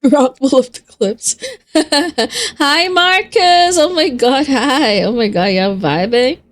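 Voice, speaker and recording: A woman's voice: fairly high pitch, measured pace. A woman streamer chatting casually with her viewers on a live stream, swearing freely as she talks.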